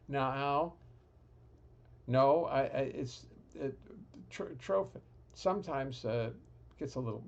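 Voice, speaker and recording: A man's voice: mid-range voice, expressive, a little slow, creaky, highs cut off. A man hosting a live stream from his home music studio, chatting casually with dry humor and rambling restarts. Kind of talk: casual chat.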